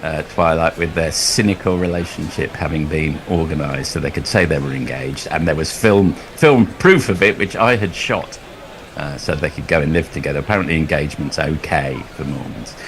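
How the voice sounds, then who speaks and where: A man's voice: extremely low pitch, normal speed, slight background noise. A man commentating on cricket ball by ball, drifting into a long, chuckling anecdote between deliveries. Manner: rambling storyteller, chuckles often.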